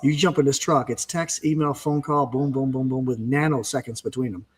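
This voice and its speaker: A man talking casually on a podcast, telling fast, animated stories about his busy workday. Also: medium pitch. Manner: fast, animated storytelling with exclamations. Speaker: podcast guest, fence business owner.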